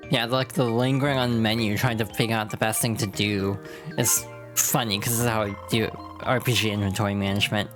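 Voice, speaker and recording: Woman, VTuber streamer, casual let's-play chat, amused asides, very deep voice. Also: steady tone, fairly quick. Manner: chatty, amused asides between reading game text. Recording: game music playing behind. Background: game music.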